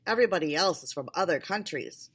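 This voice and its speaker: A woman's voice: lowish voice, lively intonation, fairly bright tone, husky, full character voice. A woman voicing a friendly, talkative boy in a storybook reading. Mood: chatty. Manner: quick, chatty questions.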